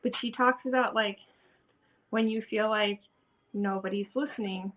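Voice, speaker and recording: A woman hosting a casual podcast chat, talking in an animated way. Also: mid-range voice, normal speed. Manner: animated, acts out quoted voices. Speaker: podcast host. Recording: tinny phone-like sound.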